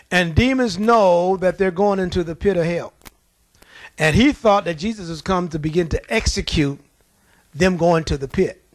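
A male preacher delivering a lively, folksy sermon, telling stories with laughter and reading scripture slowly. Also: sits high, no room sound. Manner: animated, folksy, laughing at his own stories; reads scripture slowly and deliberately.

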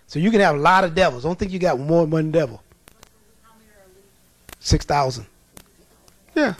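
Male preacher, high voice, emphatic and colloquial storytelling, dry close recording. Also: animated, normal speed, dry recording. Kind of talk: sermon.

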